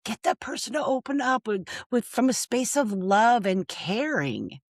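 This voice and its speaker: A woman's voice: on the high side, normal speed, no echo, clean studio sound. A woman founder speaking as an interview guest, earnest and emotional, often laughing and adding "okay?". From United States.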